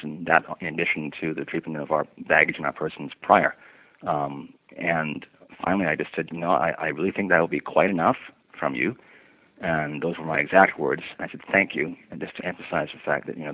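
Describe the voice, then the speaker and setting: A man giving a long personal account of an incident, in formal wordy phrasing with frequent ums and restarts. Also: very deep voice. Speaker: passenger recounting an incident. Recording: tinny lo-fi phone-like recording.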